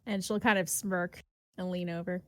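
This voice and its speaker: A woman's voice: on the low side, steady tone, normal speed, a bit bright, no room sound. Woman player, casual, laughs easily, dry. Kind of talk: tabletop game play.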